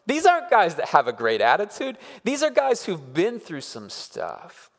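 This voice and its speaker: Earnest pastor in a reverberant hall. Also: male voice, sits high, wildly swooping pitch, normal speed, creaky, fairly bright tone. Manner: earnest, emphatic, repeats words with "come on". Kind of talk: sermon.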